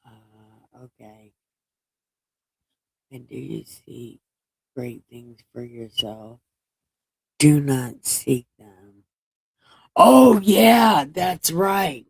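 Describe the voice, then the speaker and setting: A woman's voice: sits low, drawn-out words, gravelly, long pauses, darkish tone, slightly rough, dry recording. A woman hosting a casual livestream Bible reading from home, joking, swearing and playfully boastful. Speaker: host reading the Bible aloud.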